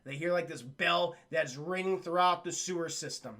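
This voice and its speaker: A man's voice: on the high side, moderate pace. A man streaming a cartoon review, chatting casually and profanely and constantly addressing his chat. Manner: animated, keeps addressing chat, swears a lot.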